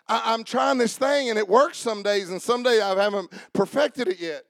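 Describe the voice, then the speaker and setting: A man preaching a sermon, swinging from shouted exhortation to hushed asides and repeating his lines call-and-response style. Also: very high voice, unhurried, creaky, hardly any pauses, no room sound, clean studio sound.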